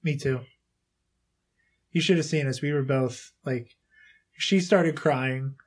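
A woman's voice: rumbling low, takes it slowly, darkish tone. Chatty lady podcast host, talks easy with a kid guest, lots of restarts and laughs. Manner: chatty, laughs often, repeats and restarts a lot. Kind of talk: casual chat interviewing a child guest.

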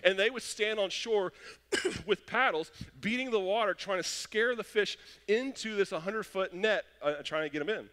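A young adult man preaching a sermon, telling stories and acting out quotes with lively animation. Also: high voice, normal speed. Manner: animated storytelling with acted-out quotes. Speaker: pastor. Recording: long hall reverb.

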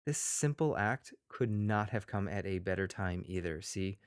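Smooth, low-voiced rambling male teacher. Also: animated, normal speed, no room sound, clean studio sound. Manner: rambling, self-deprecating, plays kids' voices in quotes. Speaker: teacher and podcast host. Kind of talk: casual podcast monologue.

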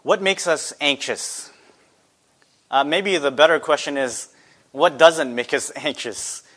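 A man's voice: a little high, takes it slowly, a bit bright. A man preaching a sermon earnestly, asking his listeners rhetorical questions. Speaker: pastor.

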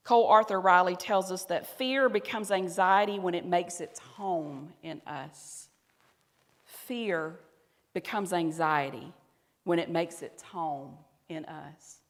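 A woman pastor with a Southern accent preaching a conversational sermon, at times dropping to a soft, intimate voice. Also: lowish voice, takes it slowly. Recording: reverberant hall.

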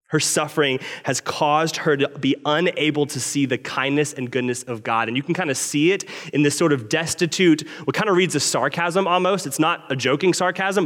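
A man, a pastor, preaching a sermon in an expressive way, his voice rising when he quotes scripture and falling low when he stresses a point. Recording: long reverb of a large hall.

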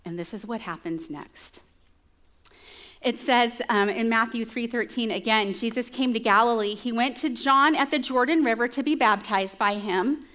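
A woman's voice: fairly high pitch, moderate pace, fairly bright tone. A woman preacher giving a conversational sermon, telling stories with chatty asides to her listeners.

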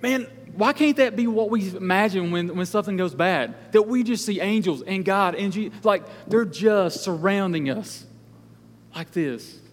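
A man's voice: high voice, lively intonation, moderate pace, long reverb tail. A man preaching a sermon in a conversational way, acting out the characters from the Bible story as he goes. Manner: conversational, acts out biblical characters.

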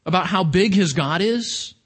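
A man's voice: high-pitched, animated, normal speed, breathy edge. A man preaching a sermon in a conversational, emphatic way, with rhetorical questions to his listeners.

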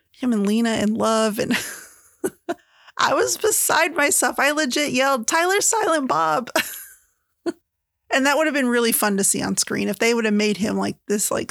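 A woman's voice: mid-range voice, vocal fry, no echo, studio quality. A woman chatting casually as a book reviewer, gushing and full of filler words. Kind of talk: casual chat.

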